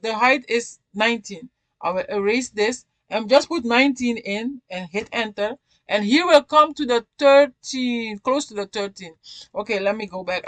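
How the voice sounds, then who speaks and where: A woman hosting a casual craft software tutorial who talks chattily, repeats herself and keeps checking in with the viewer. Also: medium pitch, dry recording.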